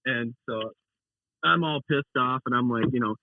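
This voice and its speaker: A young man with a mid-range voice tells a meandering race story at a normal speed during a casual call, performing his own lines and his teammate's. The audio is a dry, tinny phone line with no echo.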